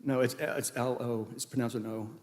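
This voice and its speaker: A man's voice: mid-range voice, little pitch movement, brisk, a little mellow. A man giving a eulogy for his late wife at a funeral, telling rambling, anecdotal stories with many restarts. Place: large church sanctuary. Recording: echoey church hall.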